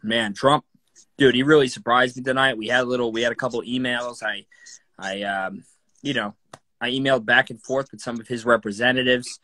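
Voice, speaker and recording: A man's voice: mid-range voice, brisk, dry recording, rough recording. A man hosting a casual live stream, teasing his guest and reacting with laughing disbelief. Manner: incredulous, laughing, deadpan teasing. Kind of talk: casual comedic chat.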